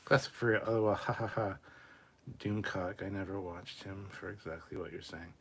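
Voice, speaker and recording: A man's voice: low-pitched, fairly even intonation, normal speed, gravelly, husky. A man hosting a casual livestream, reading viewer comments aloud and answering them in a rambling, profane, self-mocking way. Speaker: livestream host reading chat.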